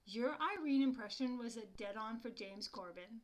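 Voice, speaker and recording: A woman hosting a virtual comedy show, ribbing the comic in quick-fire banter over a video call. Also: on the high side, darkish tone. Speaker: host.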